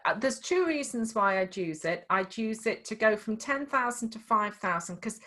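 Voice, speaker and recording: Middle-aged Scouse woman, fairly high voice, chatty coach who restarts sentences a lot, heard over a video call. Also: lively intonation, normal speed, fairly bright tone. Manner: chatty and explanatory, with frequent restarts. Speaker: dyslexia coach. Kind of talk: one-to-one coaching session.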